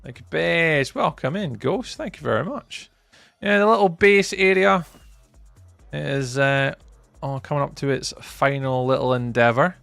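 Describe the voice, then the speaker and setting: A man streams a game and chats casually with his viewers as he plays, talking to chat throughout. His voice is on the high side, expressive, gravelly and fairly bright, at a measured pace. There's no echo, just soft background music.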